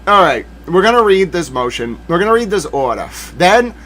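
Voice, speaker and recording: A man's voice: high-pitched, very animated, normal speed, fairly bright tone. A man hosting a live legal commentary stream, ranting with theatrical mock outrage and talking to himself in asides. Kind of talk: livestream commentary.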